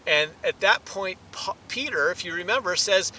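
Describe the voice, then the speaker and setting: High-voiced animated preacher man. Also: moderate pace, a little hiss or hum, rough recording. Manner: animated, rises in pitch and volume for emphasis. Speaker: pastor. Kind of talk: sermon teaching.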